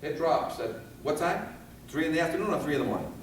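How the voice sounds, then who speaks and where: Animated male instructor in an echoey hall. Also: a little high, quick pace, far from the mic, a little hiss or hum. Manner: animated, asks the audience rhetorical questions. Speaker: fire escape safety instructor. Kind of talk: seminar lecture. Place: seminar room.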